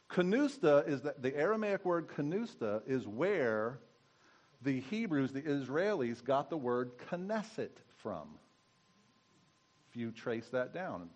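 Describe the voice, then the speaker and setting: A man giving a conversational sermon as pastor, teaching and asking his congregation questions. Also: medium pitch.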